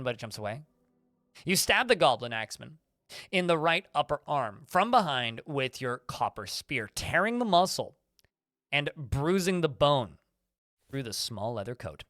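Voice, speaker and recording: A man's voice: medium pitch, a bit bright, no echo, clean studio sound. A man streaming a video game, reading the combat log aloud with many fillers and restarts while chatting with viewers. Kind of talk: livestream gameplay commentary.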